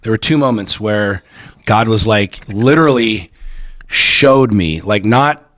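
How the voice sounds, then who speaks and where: A man's voice: fairly low pitch, takes it slowly, fairly bright tone, no room sound, studio quality. A man guest on a podcast telling personal stories bluntly, with lots of swearing and repeated words. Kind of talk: candid personal storytelling.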